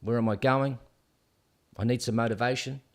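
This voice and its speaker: A man with an Australian accent hosts a live call-in stream. He talks in a chatty, excitable way and keeps calling everyone "mate" and "people". His voice sits at an ordinary middle pitch. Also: normal speed. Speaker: host of a live call-in show.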